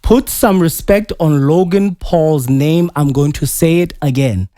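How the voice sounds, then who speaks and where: A man's voice: fairly high pitch, measured pace, dark tone, dry recording. A man co-hosting a casual wrestling podcast, arguing in a combative, mock-angry way and laughing. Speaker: podcast co-host.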